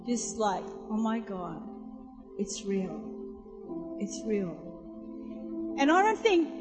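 Woman preacher with a high voice, an animated storyteller, recorded live in a church hall with reverb and music underneath. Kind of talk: sermon with storytelling.

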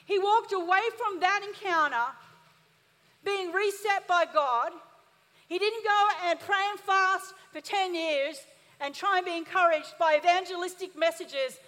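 Woman pastor, very high voice, emphatic call-and-response sermon, long hall reverb. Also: a bit bright.

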